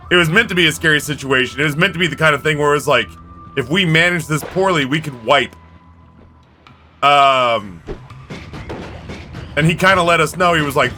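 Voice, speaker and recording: A man's voice: fairly high pitch, bright, forceful tone, faint music behind. A man streaming live, telling stories in a rambling, candid way. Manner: rambling, candid storytelling with quick impressions. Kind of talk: casual chat.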